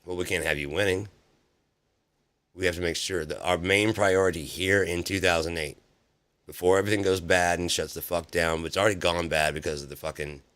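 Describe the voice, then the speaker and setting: Low-voiced man ranting on a livestream. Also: fairly bright tone. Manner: profane, sarcastic, heated, with frequent restarts. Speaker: livestream host. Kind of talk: casual political rant on a livestream.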